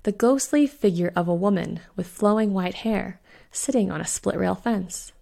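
A woman who hosts a podcast, narrating her own spooky short story in a measured, suspenseful way. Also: medium pitch, vocal fry, warm tone. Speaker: podcast host and author reading her story. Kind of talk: audiobook narration.

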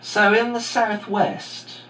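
A man's voice: high voice, fairly even intonation, slow, bright, forceful tone. A middle-aged man hosting a podcast, talking in a casual, digressive way with many fillers. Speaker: podcast host and teacher. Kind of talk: rambling podcast monologue. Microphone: home microphone. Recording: echoey room, faint hum.

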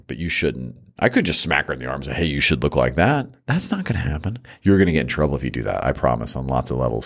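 Very deep-voiced man, playful and teasing. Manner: playful, teasing, drops into a low seductive purr. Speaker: podcast host. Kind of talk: comedic relationship monologue.

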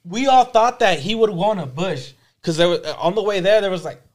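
A man's voice: high voice, animated, fairly quick. A man chiming into a friends' conversation, rambling with many fillers. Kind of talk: casual chat among friends.

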